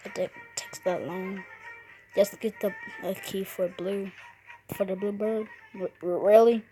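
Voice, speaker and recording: A woman's voice: mid-range voice, flat delivery, measured pace, warm tone, faint music behind, rough recording. A woman giving casual, playful commentary while playing a game, talking to the characters and cracking puns. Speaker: gamer.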